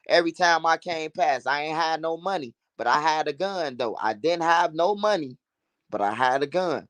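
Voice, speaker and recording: A man casually telling a profane, animated street story, repeating phrases for emphasis. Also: a little high, normal speed, dry recording.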